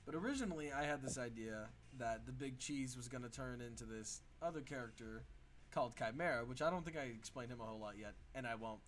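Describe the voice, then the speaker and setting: A man hosting a live art stream in casual chat, excitable and laughing, swearing freely. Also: medium pitch, fast. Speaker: stream host.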